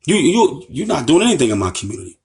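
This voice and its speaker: A man's voice: on the high side, very animated, fast, vocal fry, darkish tone. An American man giving an impassioned lecture as an Islamic teacher, emphatic and repetitive, with rhetorical questions to his listeners. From United States. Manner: emphatic, repeats phrases, asks the audience rhetorical questions.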